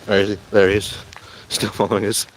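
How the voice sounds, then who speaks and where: A man's voice: lowish voice, little pitch movement, quick pace, slight background noise. A man giving rambling, casual political commentary while walking outdoors. He often laughs as he talks and films himself on a handheld camera. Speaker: political vlogger. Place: outdoors on a morning walk.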